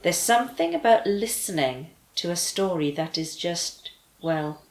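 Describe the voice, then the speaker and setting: A woman reading a children's story aloud with gentle, expressive delivery. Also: fairly low pitch, unhurried, roomy sound, rough recording.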